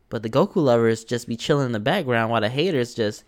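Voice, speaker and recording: A man's voice: mid-range voice, expressive, fast talker, hardly any pauses. A man co-hosting a casual chat, talking bluntly in slang, cursing and laughing often. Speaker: podcast co-host.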